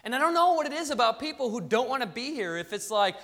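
A man, a pastor, giving a sermon in a conversational, animated, joking way in a church sanctuary. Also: extremely high pitch, fast, in a large hall.

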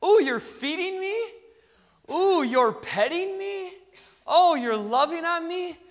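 A man's voice: very high voice, animated, slow pace, a bit bright, big-room sound, voice pushed up, heavily acted. A man voicing an eager, adoring male pet dog that gushes with delight. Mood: gushing. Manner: gushing, breathless delight.

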